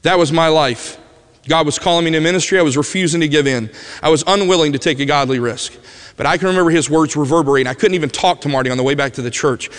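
A man preaching a personal testimony as a vivid storyteller, his voice dropping to a hush at tender moments. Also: a little high, quick pace, smooth. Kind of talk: emotional sermon storytelling. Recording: long hall reverb.

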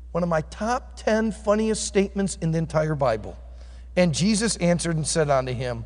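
A man preaching a sermon, quoting scripture and moving from loud cries to quiet, intense asides. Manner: animated preaching, rising to loud cries and dropping low. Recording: echoey hall with long reverb.

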